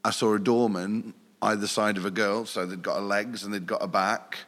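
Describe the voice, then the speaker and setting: A man's voice: lowish voice, steady tone, moderate pace, fairly bright tone, long reverb tail. A man, a nightclub manager, chatting casually and telling anecdotes with frequent laughs. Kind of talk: casual podcast chat.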